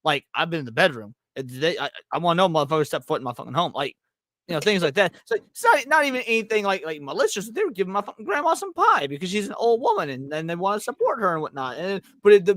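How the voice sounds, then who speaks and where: A man's voice: high voice, very animated, fast talker, bright, forceful tone, dry recording, clean studio sound. A man co-hosting a podcast in casual chat, blunt and swearing a lot. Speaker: podcast co-host.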